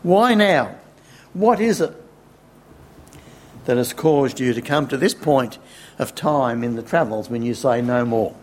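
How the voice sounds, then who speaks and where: Unhurried man preaching a sermon. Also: medium pitch, lively intonation, slight background noise. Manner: unhurried, with wry chuckles and rhetorical questions.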